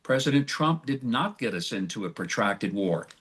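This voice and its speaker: A man's voice: fairly low pitch, animated, normal speed, a bit bright. An older man answering as an ambassador in a TV interview, emphatic and folksy. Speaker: guest, ambassador.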